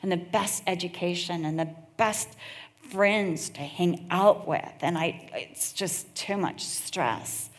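A woman's voice: lowish voice, takes it slowly. Woman doing a fretful hairdresser. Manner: fretful, exclaiming. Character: fretful woman hairdresser, anxious about money. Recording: echoey hall.

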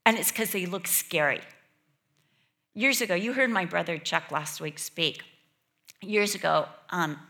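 A woman preaching a sermon, telling a childhood story with lively acted-out voices. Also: deep voice, gravelly. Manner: animated, acts out quoted voices and childhood fears.

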